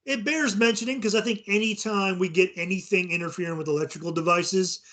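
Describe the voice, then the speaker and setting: A man's voice: high-pitched, fairly even intonation, a little fast, a bit bright. A middle-aged man co-hosting a casual chat about paranormal investigations, laid-back and joking. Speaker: podcast co-host.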